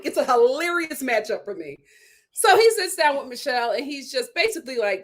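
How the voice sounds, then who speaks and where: A young woman hosting a casual live recap of a reality show, laughing often and acting out what the cast said in put-on voices. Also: high-pitched. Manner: animated, laughing, acts out quotes in other voices. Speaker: host.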